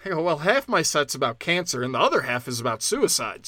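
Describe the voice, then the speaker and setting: A man's voice: on the high side, very animated, quick pace, pushed and bright, no echo. A man telling a crude stand-up comedy story, ranting and acting out the people in it. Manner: crude, ranting, acts out quoted voices. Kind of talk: podcast-style comedy storytelling.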